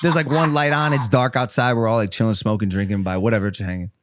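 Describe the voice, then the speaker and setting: A young man co-hosting a podcast, telling a story in a casual, animated way with lots of swearing. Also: on the low side, fast talker, dry recording, studio quality. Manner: animated, swearing, acts out voices in stories. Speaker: podcast co-host. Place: podcast studio.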